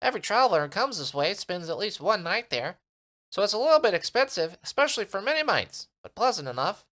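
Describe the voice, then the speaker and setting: Streamer putting on a tiny chirpy creature voice, high and squeaky, bouncy, impatient. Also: male voice, big pitch swings, fast, bright, forceful tone, heavily acted.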